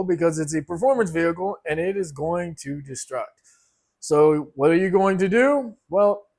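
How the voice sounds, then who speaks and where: A man hosting a home cooking show, joking and mocking himself as he rambles off topic. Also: fairly high pitch. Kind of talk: rambling comic monologue. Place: home apartment kitchen.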